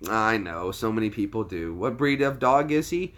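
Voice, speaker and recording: An American man hosts a casual livestream, joking around, laughing easily and chatting with viewers. His voice is lowish and fairly bright, animated, at a normal speed.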